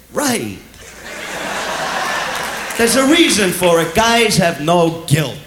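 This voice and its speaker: Crude loud comic guy, voice jumps all over, noisy room full of laughing people. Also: sits high, expressive, a little slow. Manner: crude, brash, shouting punchlines. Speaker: stand-up comedian. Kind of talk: stand-up comedy. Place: live comedy club. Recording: echoey club with loud crowd. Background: audience laughter and noise.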